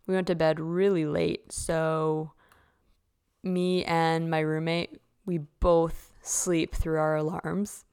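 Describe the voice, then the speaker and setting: This is a low, clear, resonant female voice. The speaker is a young figure skater from Canada hosting a podcast, and she swaps casual stories in a chatty style that leans heavily on "like."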